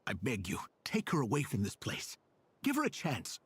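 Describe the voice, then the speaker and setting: A man's voice: mid-range voice, wildly swooping pitch, moderate pace. An actor playing an eager male village elder who welcomes an officer and begs him to take a gifted child away. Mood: pleading. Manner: eager, begging, hospitable. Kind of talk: game voice acting.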